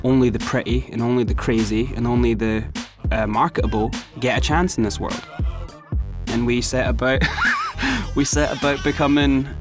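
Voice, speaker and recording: A middle-aged man with a Scottish accent telling a story in a lively way, sometimes slipping into put-on voices. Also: medium pitch, moderate pace. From Scotland. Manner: animated, breaks into put-on voices and laughs. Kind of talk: casual storytelling. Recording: music playing behind the voice.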